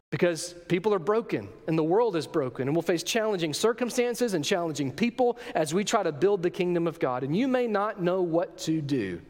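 A man preaching a sermon as pastor, emphatic, with rhetorical questions and big swings between loud and soft. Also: high voice, in a large hall.

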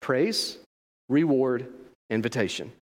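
A man's voice: mid-range voice, lively intonation, takes it slowly, big-room sound. A man delivering a sermon as a pastor, emphatic and full of rhetorical questions.

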